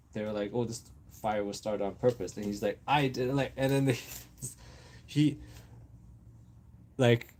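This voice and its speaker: A man hosting a casual livestream, rambling through random topics with viewers, laughing often and brainstorming out loud. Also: lowish voice. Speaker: livestream host.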